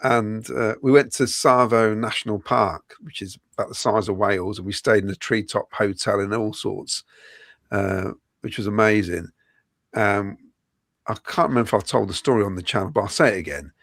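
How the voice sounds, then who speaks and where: A man's voice: lowish voice, normal speed, creaky, a bit bright, dry recording, clean studio sound. A middle-aged man hosting a podcast, telling a story in casual chat and laughing often mid-sentence. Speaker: podcast host.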